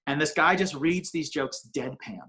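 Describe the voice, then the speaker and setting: A comedian appears as a guest on a podcast, chatting casually and rambling with many restarts. His voice sits a little high, with a sharp tone and a moderate pace. He's recorded on a home video call with a ring light setup.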